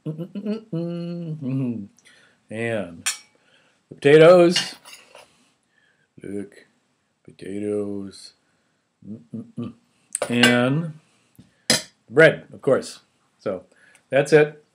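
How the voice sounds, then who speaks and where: A man's voice: medium pitch, a little mellow. A man in a casual home food video, chatting and rambling about his meal and stopping to chew between remarks. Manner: chatty, rambling, restarts, talks while chewing. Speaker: home cook vlogger. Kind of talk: casual food show-and-tell.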